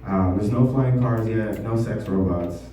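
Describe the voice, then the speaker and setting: Man, stand-up comic, halting and self-deprecating, mellow tone, echoey basement room, heard from a distance. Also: lowish voice, soft background music. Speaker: stand-up comedian. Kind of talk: stand-up comedy set. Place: basement comedy venue.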